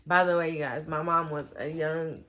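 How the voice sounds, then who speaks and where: A woman vlogger telling a personal story to her viewers, animated and full of fillers. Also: low voice, moderate pace, faint music behind. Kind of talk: storytime vlog.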